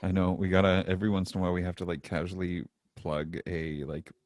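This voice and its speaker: A man's voice: deep voice, flat delivery, fast, darkish tone, dry recording, clean studio sound. A young adult man co-hosting a podcast, chatty and laughing, with lots of fillers. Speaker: podcast co-host. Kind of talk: casual chat.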